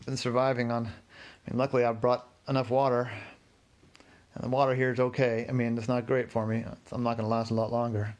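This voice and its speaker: Tired stranded sailor, slow and worn out, grateful, plain mid voice, done by a man. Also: mid-range voice, little pitch movement, a little mellow, close to an everyday voice. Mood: weary. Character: weary stranded adult male boater.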